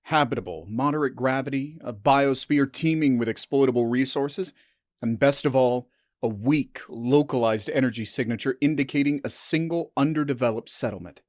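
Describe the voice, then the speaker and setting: In a measured, subdued style, a man narrates a scripted science-fiction story at an ordinary middle pitch. The audio is dry and close, with no room sound at all.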